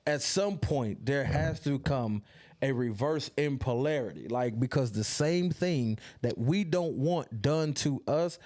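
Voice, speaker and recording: A man's voice: mid-range voice, a little slow, a little mellow. A man co-hosting a podcast, talking in a casual, thoughtful way and often restarting sentences as he searches for words. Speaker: podcast co-host. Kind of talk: casual chat.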